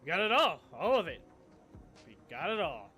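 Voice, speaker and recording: A man voicing a twitchy, jittery male street lookout who pushes his wares in loud slang. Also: sits high, sing-song, soft background music, exaggerated voice. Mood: hustling. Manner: fast-talking hustler slang, loud and pushy.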